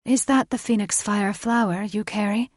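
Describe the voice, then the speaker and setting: A woman's voice: mid-range voice, moderate pace, no echo, clean studio sound, natural voice. Queen Rhea, a woman voicing an imperious fae queen. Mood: cold commanding. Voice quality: imperious, clipped commands. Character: haughty regal fae queen, cold and condescending. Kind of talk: audiobook character voice.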